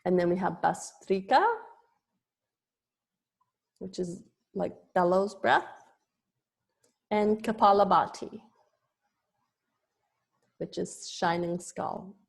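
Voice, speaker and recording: A woman's voice: lowish voice, fairly even intonation, slow, vocal fry, long pauses. A woman yoga teacher giving an online lesson, explaining terms patiently with small restarts.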